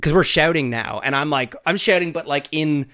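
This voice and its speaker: A man's voice: a little high, moderate pace, bright, forceful tone, clear, resonant tone. A man co-hosting a podcast, telling stories in a playful, teasing way. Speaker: podcast co-host. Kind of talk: casual podcast banter.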